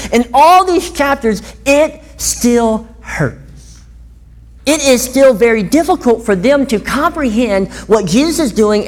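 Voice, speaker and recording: Woman preacher, conversational sermon, very expressive pitch, chatty questions to the congregation. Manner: animated, chatty, asks listeners questions.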